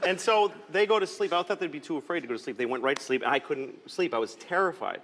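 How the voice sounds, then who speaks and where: A man's voice: a little high, animated, fast talker, a bit bright, slight background noise. A man in his forties telling a rambling, self-deprecating comic story as a talk show guest, acting out voices along the way.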